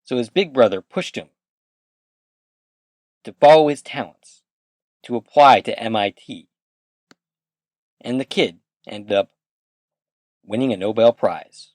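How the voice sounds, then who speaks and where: A man's voice: mid-range voice, slow, long pauses, no echo. A man hosting a rewatch podcast, casually recapping an episode scene by scene and quoting the characters' lines. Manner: casual, animated retelling with quoted dialogue. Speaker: podcast host.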